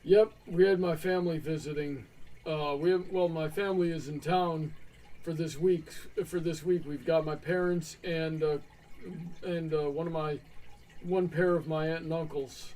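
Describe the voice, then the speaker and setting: A man's voice: fairly high pitch, fairly even intonation, moderate pace, warm tone, far from the mic, a little hiss or hum, poor audio. A young man co-hosting a livestream, laid-back, answering viewer questions and chatting about his week. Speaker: stream co-host. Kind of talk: casual chat on a livestream.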